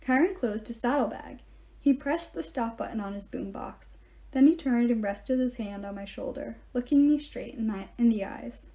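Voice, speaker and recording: A woman reading a novel aloud, telling the story in first person in an even way. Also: a little high, normal speed. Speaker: reader.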